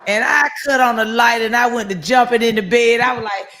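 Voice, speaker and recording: A woman telling a story in a casual, animated way, acting out what people said and cursing freely. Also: a little high, a little fast. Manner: animated storyteller, acts out quotes, swears casually. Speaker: guest, raffle winner.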